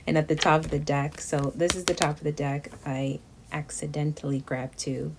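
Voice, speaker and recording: Low-voiced chatty woman reading tarot. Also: moderate pace. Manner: chatty and emotive, often drops to a near whisper. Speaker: tarot reader. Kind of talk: casual tarot reading to camera. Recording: steady background noise.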